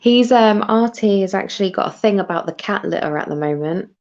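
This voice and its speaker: A woman's voice: mid-range voice, fairly quick, gravelly, a little mellow. A woman in her thirties from Britain hosts a live stream in loose, casual chat. She is chatty, laughs often and keeps restarting her sentences. The audio is a little dull and lo-fi. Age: 30s.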